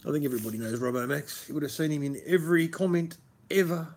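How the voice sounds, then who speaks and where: A stream host with a broad Australian accent rambles casually, swearing freely and calling everyone mate. His voice is a little high with a darkish tone, and he talks quickly.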